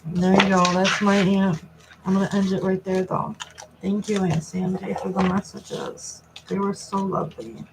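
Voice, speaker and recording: A woman tarot reader on a live stream, talking softly and reflectively as she passes on messages from a spirit. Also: mid-range voice, monotone, normal speed. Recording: noisy recording with clicks.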